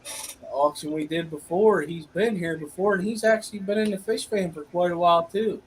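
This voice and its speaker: A man's voice: sits high, normal speed, slight background noise, rough recording. A man hosting a casual live-stream fish auction, upbeat and loose, talking straight to his viewers. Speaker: auction host.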